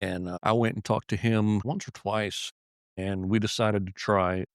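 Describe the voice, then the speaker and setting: Male officer, interview guest: low voice, dry and close, profane, halting restarts. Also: steady tone, dry recording. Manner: heavy swearing, frequent restarts and repeated words. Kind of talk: casual interview storytelling.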